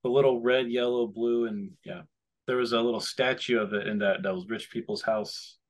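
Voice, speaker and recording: A man co-hosting a podcast, rambling in casual chat and slipping into animated voices when he quotes people. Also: mid-range voice, moderate pace. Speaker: podcast co-host.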